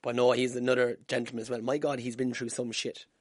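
Husky-voiced Irish podcaster telling stories. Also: male voice, medium pitch, little pitch movement, fast talker, dry recording, studio quality. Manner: swearing, self-deprecating, laughing at himself. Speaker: podcast host. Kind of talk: casual solo podcast storytelling. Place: room at home. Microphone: wired podcast mic.

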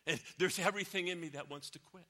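Male pastor, high and piercingly bright, dynamic sermon delivery. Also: quick pace. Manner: animated, swinging from loud exclamations to near whispers.

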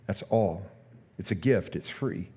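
A man's voice: low voice, a little slow, warm tone, breathy edge, big-room sound. A male pastor preaching a sermon, telling a story earnestly and hammering points home with repeated phrases.

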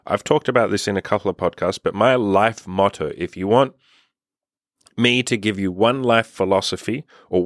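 A young man with a lowish voice tells stories straight to camera, swearing freely and laughing through the telling. The sound is dry and close, with no room around it. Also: no echo. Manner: sweary, laughing, animated storytelling. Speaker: dating coach and vlogger. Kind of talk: casual storytelling to camera.

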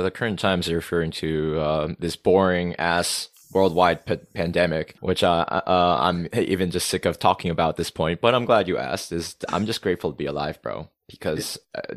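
A man's voice: low voice, no echo, clean studio sound. A man from Rhode Island, a podcast guest chatting casually, playful and self-mocking, rambling with restarts. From Rhode Island, USA.

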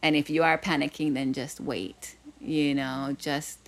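A woman from Hawaii telling a personal story in conversation, animated and full of "like" fillers. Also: low voice, unhurried. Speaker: guest.

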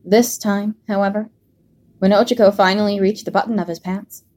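A woman narrating a fan fiction story in a steady, measured read. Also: mid-range voice. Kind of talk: scripted narration.

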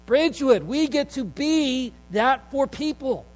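High-voiced pastor preaching in a hall. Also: male voice, animated, a little slow. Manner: conversational storytelling, earnest and emphatic. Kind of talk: sermon.

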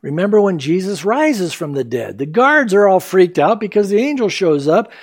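A man preaching a sermon, retelling Bible stories with animated delivery and acted-out quotes. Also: high-pitched, normal speed. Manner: animated storytelling, acting out quoted voices. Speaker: pastor.

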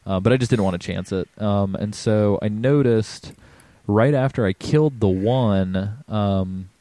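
A man's voice: on the low side, a little slow, warm tone, no room sound. A man hosting a casual podcast, rambling with lots of ums and swearing freely. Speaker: podcast host.

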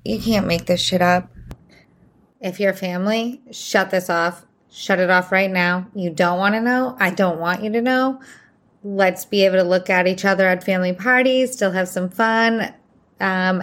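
A young woman hosting her own podcast, telling a story in a casual, animated way, swearing freely, filling her talk with "like" and acting out the people she quotes. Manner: animated, acts out quotes with big pitch jumps; swears freely, says "like" constantly. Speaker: podcast host. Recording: faint background noise.

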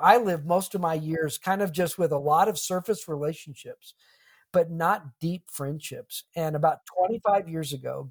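A middle-aged man, a pastor and author, talking earnestly and reflectively in an interview, with a touch of humor. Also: on the high side. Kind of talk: conversational interview.

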